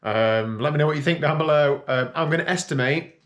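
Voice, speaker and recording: A man's voice: a little high, a little fast. A man vlogging casually from his home kitchen, chatty and self-mocking, talking into a handheld camera. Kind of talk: casual vlog chat.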